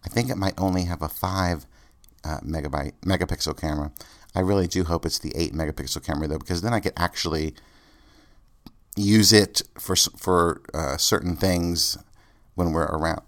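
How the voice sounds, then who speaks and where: A man's voice: low voice, steady tone, fairly quick. A man hosting a casual solo podcast, rambling and thinking aloud with lots of ums and uhs. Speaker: podcast host.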